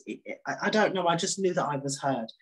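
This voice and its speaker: Interview guest: woman, low voice, candid and animated testimony. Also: quick pace, husky, poor audio. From Birmingham, England. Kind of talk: personal faith testimony.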